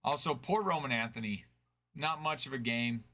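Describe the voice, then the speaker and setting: A man's voice: medium pitch, moderate pace, pushed and bright. A man hosting a card break stream, chatting casually and answering viewers' chat.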